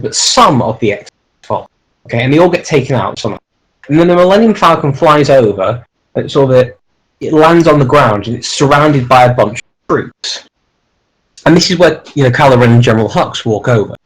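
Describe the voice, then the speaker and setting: A man's voice: medium pitch, lively intonation, brisk, low-quality recording. A man chatting casually with a friend, eagerly rambling through plot ideas he makes up as he goes.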